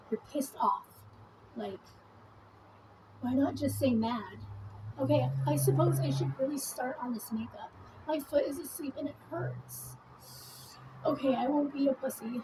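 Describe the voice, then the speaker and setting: A woman with a high-pitched voice vlogs from home while doing her makeup, rambling casually through a monologue packed with swearing and filler words. There's a lot of noise in the background.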